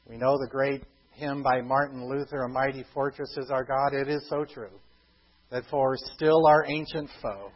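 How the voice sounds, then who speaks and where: A man preaching a sermon, emphatic, slowing down for scripture quotes and dropping low for quiet asides. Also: husky, highs cut off. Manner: emphatic, slows for quotations, drops to quiet asides. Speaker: pastor.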